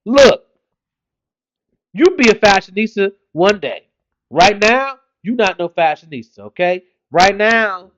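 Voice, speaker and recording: A man's voice: high voice, highs cut off. A man in his thirties, a father doing an exasperated comedic monologue about his kids.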